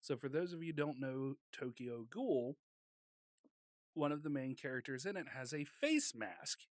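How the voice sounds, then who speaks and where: A man's voice: a little high, lively intonation, normal speed, no echo. A man co-hosting a casual podcast chat, joking and laughing often. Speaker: podcast co-host.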